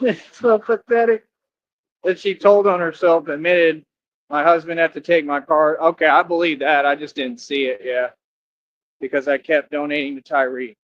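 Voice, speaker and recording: A man's voice: on the high side, highs cut off. A man hosting a livestream, talking casually to his chat and mocking commenters in a combative way. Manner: combative, mocking, talks back to viewer comments. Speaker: livestream host.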